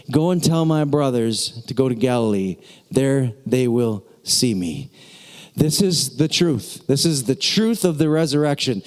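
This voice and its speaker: A man preaching a sermon as a pastor, excitable and jokey, breaking into laughs and conversational asides. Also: on the high side, in a large hall.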